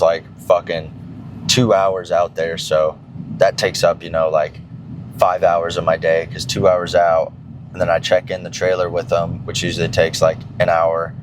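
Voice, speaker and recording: A man's voice: low voice, background noise. A young man casually chatting to his viewers in a fitness vlog, rambling with many fillers and casual swearing. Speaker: fitness vlogger.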